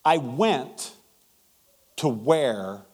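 A man's voice: mid-range voice, animated, very slow, a little mellow, slightly rough. A man preaching a sermon as a guest pastor in church, telling a personal story, dropping to near whispers and building to emphatic exhortation.

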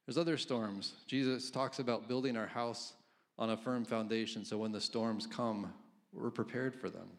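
A man's voice: medium pitch, steady tone, moderate pace. Man preaching a casual sermon. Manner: conversational, chuckling, reads scripture aloud. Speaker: pastor.

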